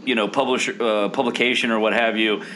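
A man's voice: fairly low pitch, fairly even intonation, a little fast, sharp tone, a little hiss or hum, low-quality recording. A man co-hosting a podcast, joking and rambling in casual chat, often laughing. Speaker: podcast co-host.

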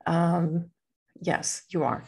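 A woman's voice: on the low side, steady tone, extremely slow, vocal fry, darkish tone, slightly rough. A woman hosting a podcast, chatting casually in a rambling, playful way and laughing often. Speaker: podcast host. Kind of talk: casual chat.

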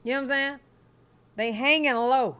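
A woman's voice: high-pitched, moderate pace, a bit bright, clear, resonant tone. A woman hosting a reaction video, talking bluntly and jokingly with profanity. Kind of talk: casual reaction commentary.

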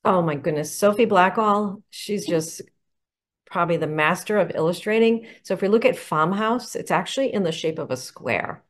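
Middle-aged woman educator, enthusiastic instructional delivery, slightly low pitch. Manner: enthusiastic, explanatory, poses questions. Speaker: educator presenting picture books. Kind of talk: instructional talk to teachers.

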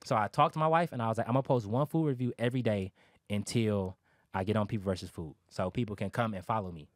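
A man's voice: fairly low pitch, quick pace, dry recording, studio quality. A man in his thirties telling his life story in a casual interview, candid and emphatic, swearing freely.

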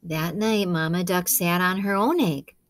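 A woman, a kindergarten teacher, reading a picture book aloud to children in a gentle, coaxing way, asking them questions and dropping to soft whispers. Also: lowish voice, measured pace, dry recording.

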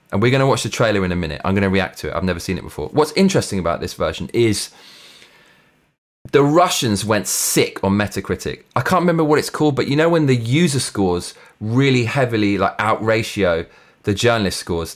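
A man's voice: on the low side, animated, a little fast. A man hosting his own show, giving a blunt, profane, sarcastic rant. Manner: mock Russian accent when reading reviews aloud. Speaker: host. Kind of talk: ranting commentary.

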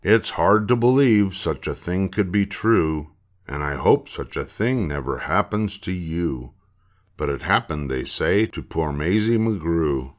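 An older man reading a children's picture book aloud in an expressive, unhurried way. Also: low-pitched. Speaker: storybook reader.

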